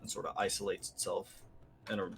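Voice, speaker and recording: A man narrating as game master of a tabletop game, slow and rambling with many fillers. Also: low-pitched, completely flat delivery, gravelly, fairly bright tone, a little hiss or hum.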